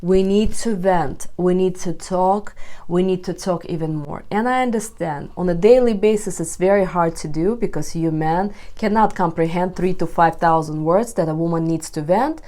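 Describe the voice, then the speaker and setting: A woman coaches her viewers on relationships in a direct-to-camera video. Her delivery is expressive and emphatic, and she speaks straight to the listener. Her voice sits a little low. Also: moderate pace.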